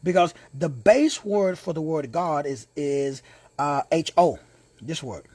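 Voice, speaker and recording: A man's voice: fairly high pitch, expressive, takes it slowly, darkish tone, dry recording. A man teaching a sermon-style Bible lesson, emphatic and repetitive, with slangy asides to his listeners. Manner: emphatic, repeats key words, slangy asides.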